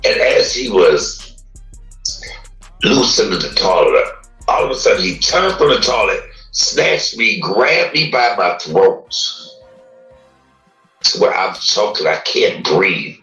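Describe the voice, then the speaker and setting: A man earnestly recounting a painful childhood memory in a slow, emotional storytelling manner. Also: lowish voice, very animated, pushed and bright. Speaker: man telling his life story on a livestream. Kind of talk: personal storytelling. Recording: distant roomy playback with music.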